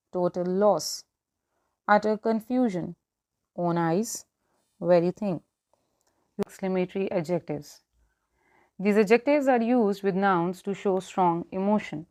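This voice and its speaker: Woman teaching an English grammar lesson. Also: mid-range voice. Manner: clear, measured explaining with listed examples.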